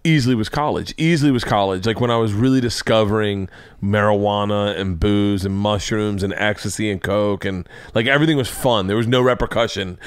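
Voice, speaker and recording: A man's voice: lowish voice, brisk, clear, resonant tone, no room sound. A man hosting a podcast in casual chat, rambling with lots of fillers and restarts. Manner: animated, rambling with many fillers. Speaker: podcast host.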